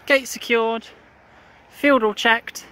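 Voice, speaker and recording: Retrieve driver narrating their own work outdoors in a field, pausing often, medium pitch, light noise behind. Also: steady tone, bright, forceful tone. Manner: explains step by step as they go, with frequent pauses. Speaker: hot air balloon retrieve driver. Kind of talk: casual running commentary while working.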